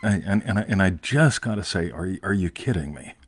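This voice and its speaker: A man's voice: deep voice, expressive, a little fast, husky, no echo. Man, host, rambling emphatic casual talk, dry close sound. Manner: rambling, emphatic, repeats "right?", swears casually. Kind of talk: casual chat.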